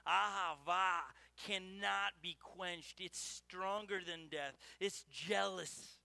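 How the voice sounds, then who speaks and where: Male pastor, earnest sermon, high pitch, dry close sound. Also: steady tone, takes it slowly, creaky, hardly any pauses, sharp tone, no echo. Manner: earnest, personal storytelling with restarts.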